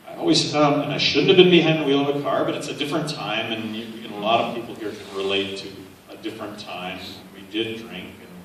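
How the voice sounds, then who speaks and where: A man delivers a relaxed, story-driven campaign speech, leaning on "uh" as he goes. His voice sits a bit low. It reaches the mic from far off in a very echoey hall, with faint noise underneath. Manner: conversational, anecdotal, frequent "uh" fillers. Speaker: political speaker. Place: large university hall. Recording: echoey hall, picked up from afar.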